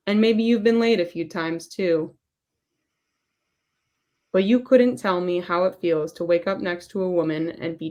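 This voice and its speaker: A woman's voice: medium pitch, natural voice. A woman voicing a middle-aged male therapist, reading a long monologue off her phone and stumbling on a few words.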